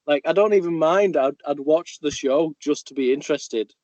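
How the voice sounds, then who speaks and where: A man's voice: on the high side, moderate pace, darkish tone, dry recording. A man co-hosting a podcast, giving blunt opinions in casual chat and swearing freely. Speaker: podcast co-host.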